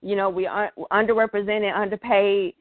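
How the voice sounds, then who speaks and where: Young woman, teary and halting, lots of ums, tinny dry sound. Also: medium pitch, flat delivery, no echo. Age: 20s. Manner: heartfelt, halting, many fillers. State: tearful, emotional. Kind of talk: emotional personal talk.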